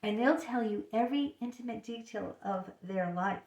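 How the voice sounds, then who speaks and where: A woman with a mid-range, darkish voice chats casually at normal speed about her own experiences, packing in "you know" and other fillers and acting out little snatches of dialogue in small voices. She's away from the mic in an echoey room, so the audio sounds dull and distant.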